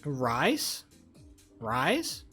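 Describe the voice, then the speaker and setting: A man's voice: medium pitch, huge pitch swings, extremely slow, bright, forceful tone, slightly rough, soft background music. Profane young man streaming, rambling. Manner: rambling, profane, jokey, talks to chat. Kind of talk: casual live-stream chat with viewers.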